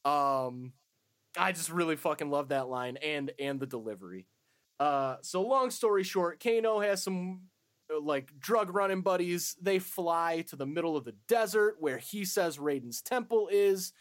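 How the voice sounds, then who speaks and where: A man's voice: on the high side, animated, a little slow. A young man co-hosting a podcast, recapping a movie in casual chat, swearing and laughing. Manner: swearing, laughing recaps with offhand quoted lines. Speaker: podcast co-host.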